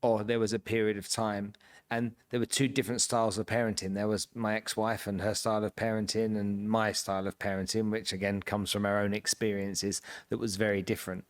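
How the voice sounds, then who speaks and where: Male host in his 40s, low and flat, earnest and musing. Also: brisk. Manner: earnest and thoughtful, rambling with fillers. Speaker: podcast host. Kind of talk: casual interview chat.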